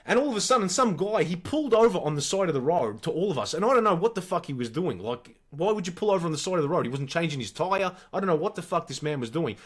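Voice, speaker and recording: A man's voice: fairly high pitch, very animated, quick pace, few pauses, breathy edge. A man in his forties with an Australian accent, co-hosting a podcast and telling stories animatedly with plenty of swearing. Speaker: podcast co-host. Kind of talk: casual storytelling chat.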